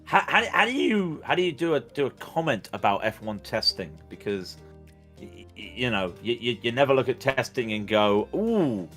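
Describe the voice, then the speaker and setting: A man's voice: mid-range voice, animated, normal speed, fairly bright tone, soft background music. A man commentating on a sim race in casual chat, rambling and joking with plenty of stammered restarts.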